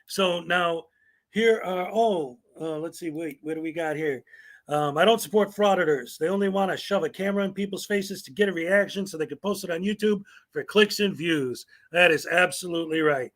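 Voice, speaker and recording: A man's voice: high-pitched, normal speed, a bit bright. A man hosting a commentary show, reading viewer comments aloud in a sarcastic, mocking way. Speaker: commentary channel host.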